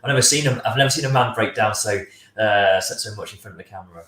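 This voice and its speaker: A man's voice: lowish voice, fast, a bit bright. A man co-hosting a casual chat, laid-back and teasing, with lots of hesitant fillers. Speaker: co-host. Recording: echoey room with faint noise.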